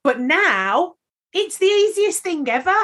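A woman's voice: very high-pitched, very animated, unhurried, a bit bright. A woman co-hosting a podcast, talking in a casual, rambling, emotional way, with many fillers. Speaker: podcast co-host. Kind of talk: casual chat.

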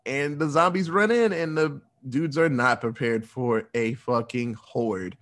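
A man casually recapping a movie plot, animated and profane, acting out the characters' lines as he goes. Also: medium pitch, measured pace.

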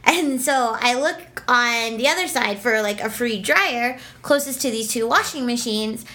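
A young woman co-hosting a casual chat, telling an animated, exasperated story and swearing often. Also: a little high, unhurried.

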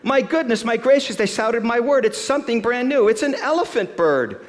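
A man giving a sermon, reading a rhyming story aloud in a rhythmic, expressive way before turning to scripture. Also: very high-pitched, moderate pace, long reverb tail. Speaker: pastor.

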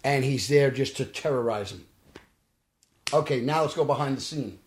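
Speaking at normal speed in a mid-range voice, a Brooklyn-born actor tells stories in a casual podcast interview, his Brooklyn New York accent clear. He acts out the dialogue with animation, and his voice echoes around the roomy podcast studio.

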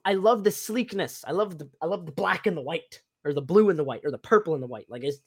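Young male host, slightly high voice, chatty and rambling, lots of fillers. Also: lively intonation, fast talker, husky. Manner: rambling, upbeat, many fillers. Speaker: podcast host and cosplayer. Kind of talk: casual chat.

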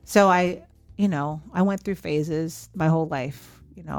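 Reflective woman podcast host, lowish voice. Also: a little slow, faint music behind. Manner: reflective, candid, acts out remembered dialogue. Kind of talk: personal storytelling in an interview.

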